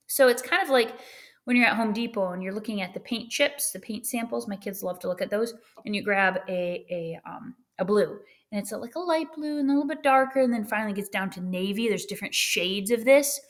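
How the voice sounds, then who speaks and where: Lively woman teacher giving a lesson. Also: mid-range voice, brisk. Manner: lively, tags with "right?" and "okay?". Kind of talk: recorded classroom lesson.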